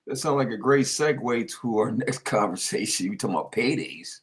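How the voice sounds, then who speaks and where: A man co-hosting a casual sports talk show, animated and rambling, repeating himself as he tells stories. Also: mid-range voice, a little fast. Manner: animated storyteller, repeats himself, lots of fillers.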